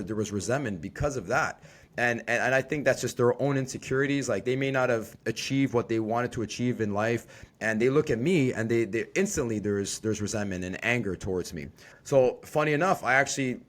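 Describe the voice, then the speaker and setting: A man in his forties who co-owns a construction company, talking bluntly and casually on a podcast, cursing freely. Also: medium pitch. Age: 40s. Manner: blunt, swears freely, restarts words.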